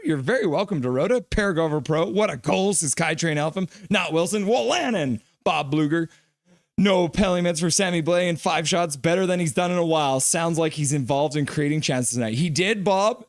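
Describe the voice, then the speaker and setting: A man with a high-pitched voice hosts a live hockey reaction stream, calling plays and reading viewer messages aloud in an excitable rush. The sound is dry and close, with no room around it. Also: no room sound. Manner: excitable play-by-play, reads chat aloud.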